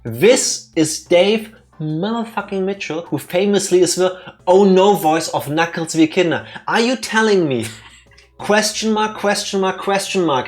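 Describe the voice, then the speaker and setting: A man hosting a let's play, commenting on the game in an excitable, joking way with quick asides. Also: sits high. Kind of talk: casual gameplay commentary.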